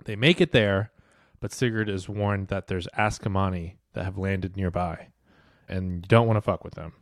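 A man's voice: deep voice, fairly even intonation, normal speed, dry recording, clean studio sound. A man co-hosting a podcast, recapping book chapters in laid-back casual chat, laughing often and swearing casually. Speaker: podcast co-host.

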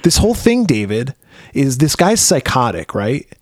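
A man's voice: mid-range voice, big pitch swings, moderate pace, dry recording. A man co-hosting a podcast, recapping a film in a chatty way, laughing and swearing easily, on a close mic. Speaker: podcast co-host. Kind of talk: casual film chat.

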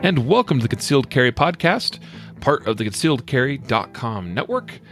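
A man's voice: mid-range voice, sing-song, brisk, over music. A man hosting a podcast in a casual, folksy way, rambling with many fillers and restarts. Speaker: podcast host.

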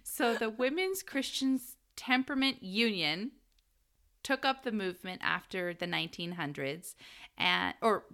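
A woman's voice: mid-range voice, animated, measured pace, fairly bright tone. A woman co-hosting a casual history podcast, telling the story with frequent laughs and the odd swear word. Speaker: podcast co-host.

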